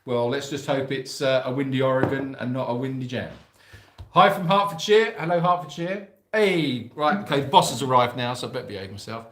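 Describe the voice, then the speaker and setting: A man's voice: mid-range voice, fairly quick, fairly bright tone. A man co-hosting a casual live stream, reading out viewer greetings and joking along. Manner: chatty, jokey, reads out viewer greetings. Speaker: sanctuary co-host reading live chat. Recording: roomy echo.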